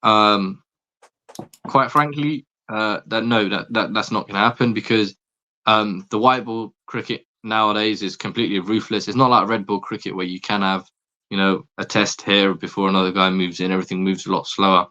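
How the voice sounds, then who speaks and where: A man's voice: lowish voice, steady tone, sharp tone. A man talking sport as a podcast guest, opinionated and stumbling over his words in casual chat. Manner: opinionated, quick restarts and stammers. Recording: dull lo-fi sound.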